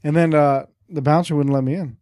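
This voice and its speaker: A man co-hosting a podcast, telling a personal story in casual chat and jumping up in pitch for the lines he quotes. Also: fairly even intonation, fairly quick, darkish tone, no room sound, studio quality. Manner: jumps high for quoted lines in his stories. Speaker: podcast co-host.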